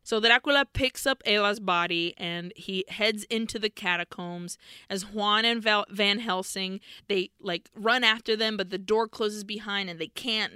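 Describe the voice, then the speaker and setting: A young woman co-hosting a podcast, casually recapping a movie scene by scene, animated and swearing freely. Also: mid-range voice, smooth, no room sound, clean studio sound. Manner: animated, swears freely, acts out characters' lines. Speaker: podcast co-host.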